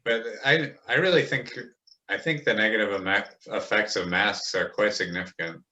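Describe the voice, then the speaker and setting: A man with a very low voice speaks with an emphatic, indignant edge in casual conversation, cursing freely. His tone is bright and forceful despite the depth. The audio comes through a little muffled and lo-fi, as if over a remote call. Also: normal speed. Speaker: podcast guest.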